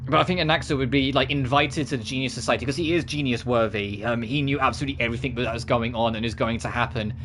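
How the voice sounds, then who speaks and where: A man's voice: medium pitch, fairly even intonation, fast, hardly any pauses, a bit bright, slight background noise. A man streaming games, chatting casually at the end of a session and wandering off on tangents. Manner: rambling, full of self-corrections and asides.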